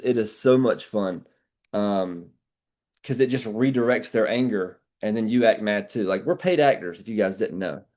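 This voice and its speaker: Brash, low-voiced sales trainer man. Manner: brash, animated, swears casually. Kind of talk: team training call.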